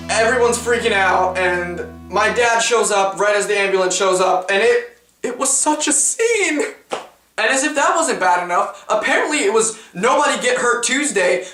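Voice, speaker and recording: A man's voice: high-pitched, bright, forceful tone, recorded from a distance. Young man, vlogger, dramatic self-mocking storytelling, swears a lot, music playing behind. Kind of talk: casual storytelling vlog. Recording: roomy, off-mic, music behind.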